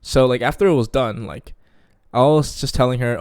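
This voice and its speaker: A man's voice: mid-range voice, fairly quick, darkish tone, no room sound, clean studio sound. A young man telling a casual storytime, slangy and full of "you feel me?".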